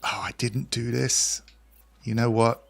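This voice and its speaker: A man's voice: mid-range voice, fairly even intonation, unhurried, creaky, husky, dry recording. A man from England with a mix of English and Scottish accent, chatting casually with viewers on a live game stream. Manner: chatty, reads out and answers chat while playing.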